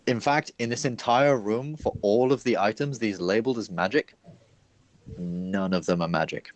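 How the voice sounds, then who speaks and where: A man narrating as game master of a tabletop game, chatty and quick to laugh. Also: lowish voice. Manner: chatty, laughing, lots of fillers.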